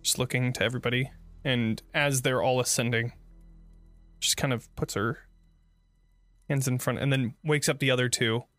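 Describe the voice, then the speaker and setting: A man narrating as the game master of a tabletop game, relaxed, with halting fillers. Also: medium pitch, dry recording, faint music behind.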